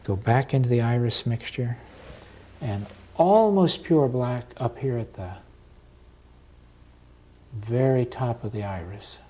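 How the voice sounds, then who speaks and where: A man teaching an oil portrait step by step, talking calmly with pauses while he paints. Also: mid-range voice. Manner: slow, unhurried and calm, with pauses while working. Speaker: painting instructor.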